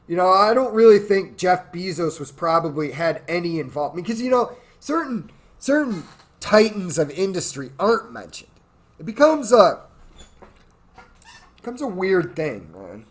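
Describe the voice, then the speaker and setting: Man, drunk, profane rant, rambling, slightly raised pitch. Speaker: podcast host.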